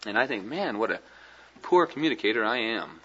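A man's voice: fairly low pitch, big pitch swings, a little fast, pushed and bright, lo-fi sound. A man teaching a class on communication at a board, folksy and conversational, often checking in with his listeners. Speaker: Christian ministry teacher.

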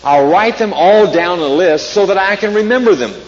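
A man's voice: high-pitched, animated, a little fast, voice pushed up. A man voicing a fussy, anxious storybook toad who frets and wails, read aloud to a live audience. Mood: cheerful. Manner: frets and wails when things go wrong. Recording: echoey hall, dull sound, faint hiss.

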